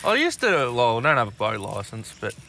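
A man's voice: mid-range voice, huge pitch swings, brisk, sharp tone, a little hiss or hum. A man with an Australian accent co-hosting a podcast from a fishing boat, giving blunt, swear-laden banter. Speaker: podcast co-host. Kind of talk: casual chat.

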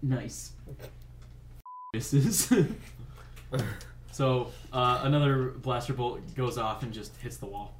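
A man narrating a tabletop role-playing game as game master, halting and full of ums and little laughs. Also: mid-range voice, fairly even intonation. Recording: echoey room, faint noise.

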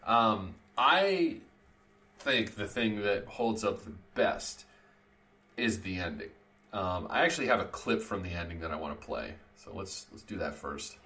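Dude hosting a movie podcast, kinda low voice, lots of um and restarts. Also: male voice, expressive, a little slow, pushed and bright. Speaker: podcast host. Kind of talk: casual film review chat.

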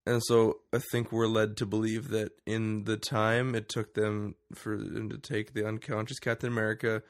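A man with a low, gravelly voice chatting casually on a podcast. He retells movie scenes in a loose, animated way, dropping quick put-on lines for the characters as he goes. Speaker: podcast co-host. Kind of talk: casual movie review chat.

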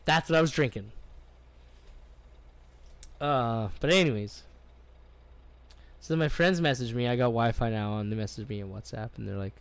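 A man's voice: mid-range voice, normal speed, long pauses, a little mellow, clear, resonant tone, dry recording. A man from Canada telling a rambling travel story on a podcast, swearing a lot and acting out what people said. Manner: rambling, profane, acts out quoted voices. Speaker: podcast co-host. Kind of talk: casual storytelling chat.

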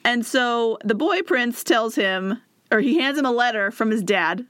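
A woman's voice: on the high side, animated, a little slow, a bit bright, clear, resonant tone, no room sound, clean studio sound. A young woman co-hosting a podcast, retelling a tabletop campaign in a chatty way, with many fillers and acted asides. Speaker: podcast co-host. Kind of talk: casual chat retelling a campaign story.

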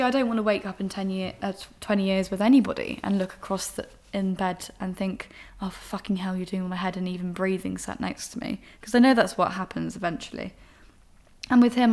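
A young woman hosting a podcast, talking frankly and emotionally about her own life, with casual swearing. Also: mid-range voice. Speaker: podcast host. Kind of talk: candid personal monologue.

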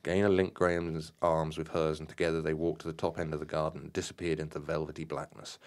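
A man reading his own dramatic account aloud in a measured, slightly halting way, with occasional stumbles over words. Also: rumbling low, flat delivery. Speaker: storyteller.

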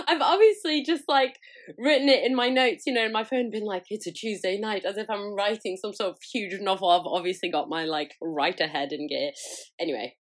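A woman's voice: mid-range voice, a bit bright. A young woman hosting her own podcast, chatting casually about her week, often breaking into giggles and poking fun at herself. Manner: giggly, chatty, self-mocking. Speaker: podcast host. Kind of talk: casual solo chat.

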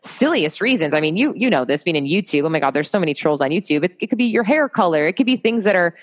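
A woman's voice: fairly low pitch, lively intonation, fast. A woman guest chatting on a podcast, upbeat and motivational, laughing often. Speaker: podcast guest, marketing entrepreneur. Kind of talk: casual interview chat.

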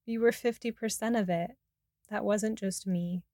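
A woman reading the lines of a remorseful man still recovering from a head injury, in a quietly candid, rueful way. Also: mid-range voice, fairly even intonation, unhurried, dry recording, clean studio sound, close to an everyday voice.

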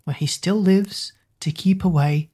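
A woman gently reading a bedtime story aloud, soft and unhurried. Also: fairly low pitch, breathy edge.

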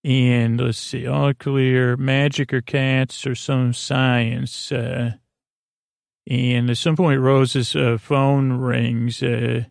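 A man hosting a bedtime podcast, recapping a TV episode in a meandering way, halting often with fillers. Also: medium pitch, little pitch movement, vocal fry, dry recording, studio quality. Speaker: podcast host.

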